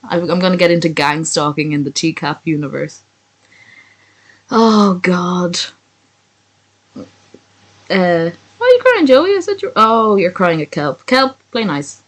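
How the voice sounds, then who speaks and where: A woman's voice: on the low side, lively intonation, unhurried. A woman reading a fan story aloud on a livestream, breaking off for profane, sarcastic chat with her viewers. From not from America.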